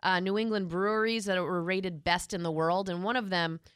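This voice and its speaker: A woman's voice: fairly low pitch, fairly even intonation, moderate pace, a bit bright, clean tone, dry recording, studio quality. A middle-aged woman co-hosting a morning radio show, chatting casually and reading the news and weather. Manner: chatty, reads headlines. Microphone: studio microphone.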